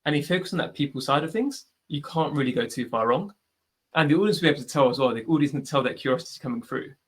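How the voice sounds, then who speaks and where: Husky British man giving chatty advice. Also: fairly high pitch, animated, racing. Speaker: podcast host. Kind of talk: live online Q&A answer. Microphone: video call.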